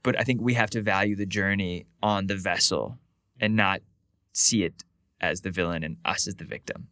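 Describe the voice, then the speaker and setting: A man co-hosting a podcast, telling stories in a casual, animated way, with quick asides and lots of "like". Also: sits low, no echo, studio quality. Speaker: podcast co-host.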